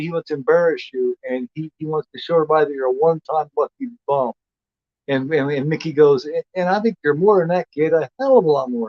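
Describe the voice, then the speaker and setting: A man's voice: fairly high pitch, dry recording. Rambling man chatting about a film. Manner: rambling retelling, heavy "you know" fillers and restarts. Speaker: co-host of a film review livestream. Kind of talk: casual film review chat. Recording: dull lo-fi dry sound.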